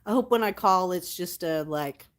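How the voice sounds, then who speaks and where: A woman hosting her livestream, chatting casually with viewers, reading their comments aloud and thanking them warmly. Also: lowish voice, animated, normal speed. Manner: affectionate, thanks viewers often. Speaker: livestream host.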